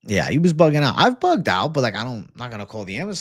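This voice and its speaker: A man hosting a casual livestream and chatting with viewers, animated and profane. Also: mid-range voice, racing, dry recording, studio quality. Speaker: livestream host.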